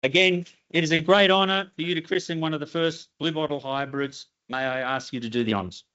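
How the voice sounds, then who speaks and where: A man giving a formal ceremony speech, telling anecdotes with halting restarts. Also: fairly high pitch, steady tone, bright, forceful tone, smooth. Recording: slightly dull lo-fi recording.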